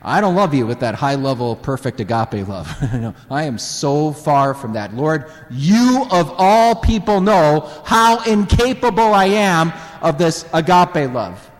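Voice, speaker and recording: Man playing a humbled male disciple, earnest, pleading, highly animated, reverberant hall. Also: unhurried, few pauses. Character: impulsive then humbled adult male disciple.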